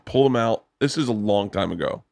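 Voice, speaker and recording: A middle-aged man hosting a podcast, telling stories in casual chat with animated, profane energy. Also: fairly low pitch, a little fast, creaky, no room sound. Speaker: podcast host.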